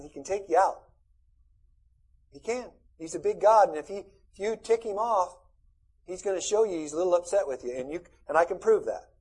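Man, middle-aged pastor, folksy conversational sermon, high voice, husky tone. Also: a little mellow, rough recording. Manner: conversational, folksy preaching with asides.

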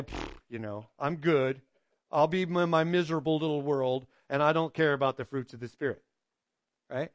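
A man with a high-pitched voice delivers a conversational sermon, recorded dry with little room sound. He keeps checking in with his listeners and slips into quoted voices as he goes. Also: dry recording. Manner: conversational preaching, frequent "right?" checks with the congregation. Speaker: pastor.

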